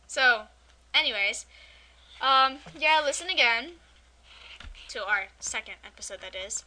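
A woman's voice: on the high side, expressive, a little slow, pauses often, pushed and bright. A young woman co-hosting a podcast, chatting casually in a giggly, rambling, playful way. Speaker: podcast co-host. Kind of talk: casual chat.

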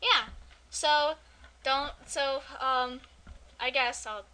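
A woman's voice: high voice, fairly even intonation, extremely slow, sharp tone. A young woman co-hosting a podcast, chatting casually in a giggly, rambling, playful way. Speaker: podcast co-host. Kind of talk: casual chat.

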